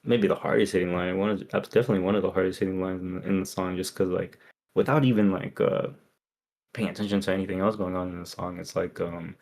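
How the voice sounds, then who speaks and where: A man co-hosting a podcast, talking through song lyrics in a halting, filler-heavy way. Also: sits low, level tone, creaky, darkish tone. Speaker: podcast co-host. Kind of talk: casual chat, reading lyrics and chat comments.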